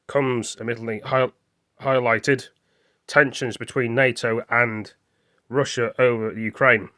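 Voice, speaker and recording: A man's voice: medium pitch, a bit bright. Rambling man reading news with mouth full. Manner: rambling, stumbles over words, apologetic; talking with his mouth full. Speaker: vlogger. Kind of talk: casual commentary reading news off a screen.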